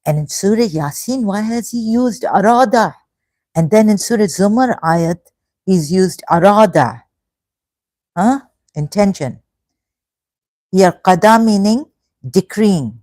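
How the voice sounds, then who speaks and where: A woman in her fifties hosting a casual livestream, halting and hesitant, full of restarts and effusive thanks. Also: medium pitch, animated, a little mellow, no room sound. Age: 50s. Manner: emotional, effusively grateful. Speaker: livestream host. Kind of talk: casual livestream chat reading comments.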